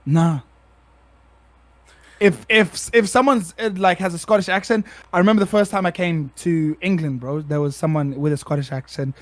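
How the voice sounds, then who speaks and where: A young South African man with a South African accent speaks at normal speed in a slightly high voice, with no echo. He's a streamer appearing as a podcast guest, chatting casually in a laid-back, slangy way and calling people "bro."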